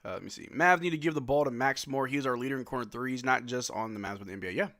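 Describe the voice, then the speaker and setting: A young man from Louisiana hosting a casual livestream, chatting and answering viewers' questions with quick laughs. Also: medium pitch, fairly bright tone. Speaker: livestream host.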